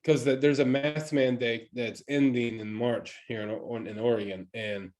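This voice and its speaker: A man's voice: medium pitch, steady tone, moderate pace, a little mellow. A man co-hosting a casual podcast, recounting a story in a loose, chuckling way. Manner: laid-back, chuckling, loose delivery. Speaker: podcast co-host. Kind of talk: casual chat.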